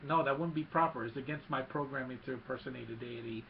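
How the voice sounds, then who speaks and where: A man quoting a fussy, polite male robot butler in his own gravelly voice. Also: medium pitch, fast, dull audio, slight background noise, lightly acted. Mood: prim.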